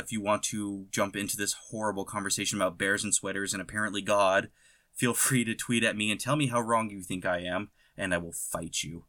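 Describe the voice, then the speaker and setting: A man hosts a podcast in loose, joking chat. His voice sits fairly low but comes across bright and forceful, and he argues back sarcastically, with the odd curse. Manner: sarcastic, swearing, quick to argue. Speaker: podcast host. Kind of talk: casual chat.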